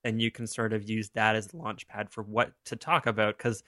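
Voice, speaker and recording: A man's voice: on the low side, flat delivery, a little fast, sharp tone, no echo, clean studio sound. A young man co-hosting a podcast, chatting casually and rambling through a story with frequent laughs. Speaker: podcast co-host. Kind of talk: casual chat.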